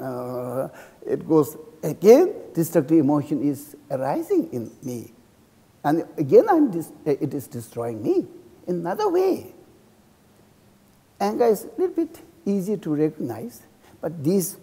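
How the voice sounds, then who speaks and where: A man who is a Buddhist monk, speaking English with a Tibetan accent as a second language. He teaches a class in halting English and keeps checking in with his students by asking "okay?". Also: a little high, huge pitch swings, creaky, dark tone, husky. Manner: acts out insults and praise with a laugh. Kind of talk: dharma class lecture. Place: teaching room in a cultural center. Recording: reverberant hall.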